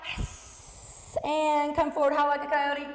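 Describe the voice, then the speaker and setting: A woman teaches children yoga in a bright, high voice, giving encouraging cues and playful animal prompts. Her voice rings around a roomy studio with a long reverb tail. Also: moderate pace, very noisy. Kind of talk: guiding a kids' yoga class. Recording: echoey room with long reverb.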